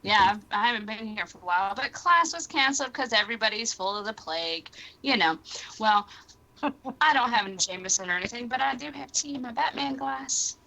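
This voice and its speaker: Woman, giggly, light, bright tone, higher pitch. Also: animated, fairly quick, vocal fry, rough recording. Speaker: guest. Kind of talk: casual chat.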